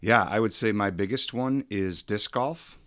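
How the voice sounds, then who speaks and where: A pastor in his forties who talks in a halting, reflective way, with many ums and restarts. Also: fairly low pitch, fairly bright tone. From suburbs of Chicago. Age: 40s. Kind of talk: casual podcast conversation.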